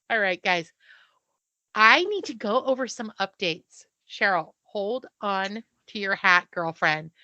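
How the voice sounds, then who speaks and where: A woman in her fifties co-hosts a podcast, chatting animatedly and swearing casually. Her medium-pitched voice is bright and forceful with lively intonation, and she takes it slowly. There's no room sound, but the highs are cut off.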